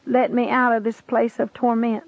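A woman's voice: a little high, level tone, moderate pace, no room sound. A woman voicing a tormented ancient woman begging to be let out, in a pleading, desperate manner. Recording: tinny phone-like lo-fi recording.

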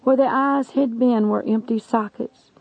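Earnest gravelly woman preaching. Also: on the high side, fairly even intonation, unhurried, no room sound. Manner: earnest, imploring. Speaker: evangelist. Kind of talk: testimony sermon. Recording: dull lo-fi recording.

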